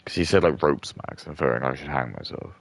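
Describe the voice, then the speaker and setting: A man's voice: extremely low pitch, lively intonation, brisk, gravelly, no echo. A man streaming and ranting in casual commentary, rambling with many filler words and restarts.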